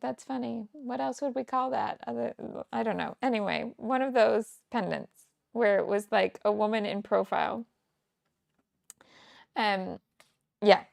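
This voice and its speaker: A talkative woman in her forties, from around Kansas City, hosting a casual crafting livestream. Her fairly high voice has a gravelly fry to it, and the sound is close and dry. She rambles through stories and laughs often. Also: steady tone, measured pace, long pauses, darkish tone, dry recording. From United States, Kansas City area. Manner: chatty, rambling storyteller who laughs often. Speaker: scrapbooking teacher and livestream host.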